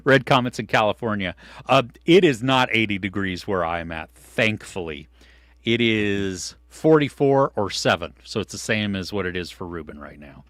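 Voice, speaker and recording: A man co-hosting a casual live stream, reading viewers' comments and swinging from excited outbursts to low mutters. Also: normal speed, no echo. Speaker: podcast co-host reading live chat. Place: home studio.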